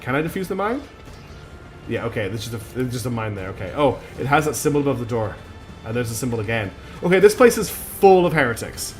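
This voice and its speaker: A man streaming a video game, chatting casually, thinking out loud and laughing at himself. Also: mid-range voice, sing-song, fast talker, soft background music. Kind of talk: casual let's-play commentary.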